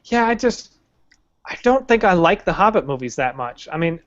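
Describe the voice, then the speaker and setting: A man's voice: high voice, big pitch swings, normal speed, no room sound, dull audio. A man co-hosting a podcast in casual chat. He swears freely and mimics characters by pushing his voice up. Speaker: podcast co-host.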